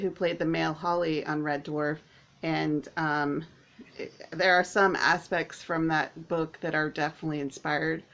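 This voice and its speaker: A woman vlogging to camera at home, chatting casually in a rambling, excitable way with lots of fillers. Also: sits low. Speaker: author and vlogger.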